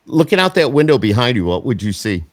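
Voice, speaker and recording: A man hosting a podcast, relaxed and amused as he tells stories. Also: medium pitch, fast talker, no room sound. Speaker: podcast host. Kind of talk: casual chat.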